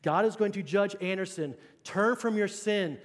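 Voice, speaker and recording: A man's voice: high voice, normal speed. A man preaching a sermon to his congregation in a chatty, conversational way, often asking whether they are following along. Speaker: pastor. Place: church sanctuary. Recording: long hall reverb.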